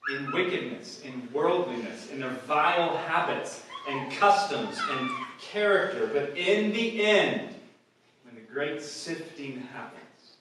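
A male pastor preaching a sermon with emphasis, often swelling louder on key phrases. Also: medium pitch, noisy background. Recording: echoey hall, voice from far off.

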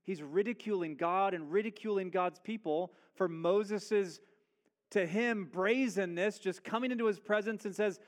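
A man's voice: high-pitched, moderate pace. A man preaching a sermon, speaking emphatically and asking rhetorical questions as he builds his points.

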